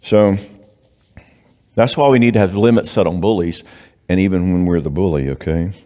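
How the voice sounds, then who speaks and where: A man's voice: sits low, moderate pace. A man giving a live talk at a church marriage conference, telling stories and acting out dialogue with humor. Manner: animated, acts out quoted dialogue with humor. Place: church before a live audience. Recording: long reverb of a church hall.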